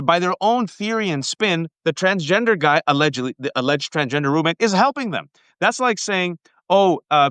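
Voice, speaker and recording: A male podcast host giving emphatic, sarcastic political commentary with quick asides. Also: mid-range voice, pushed and bright, no room sound.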